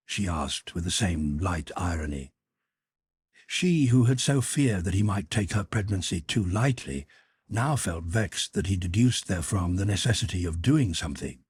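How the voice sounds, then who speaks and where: A man reads a classic novel aloud as a measured, expressive audiobook narrator. His voice is low and very husky, with a lively, wide-ranging pitch. The sound is close and dry. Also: no room sound.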